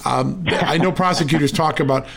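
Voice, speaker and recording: A man hosting a political commentary interview, measured and questioning. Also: fairly high pitch, gravelly, fairly bright tone. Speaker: host.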